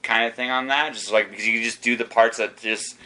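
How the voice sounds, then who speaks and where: A man's voice: mid-range voice, fairly even intonation, fairly quick, bright, forceful tone, low-quality recording. A man hosting a podcast, chatting eagerly with stammering restarts. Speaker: podcast host. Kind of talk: casual interview chat.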